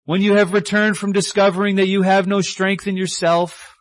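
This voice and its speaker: A male preacher delivering a sermon with animated storytelling, dropping to a hushed tone for tender lines. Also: sits high, normal speed, no room sound.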